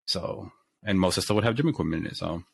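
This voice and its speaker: A young man with a lowish voice talks quickly in a relaxed, rambling way. He swears freely and restarts his sentences. It sounds like casual chat between friends. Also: creaky, husky, dry recording. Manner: laid-back, profane, rambling with restarts. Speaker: real estate agent.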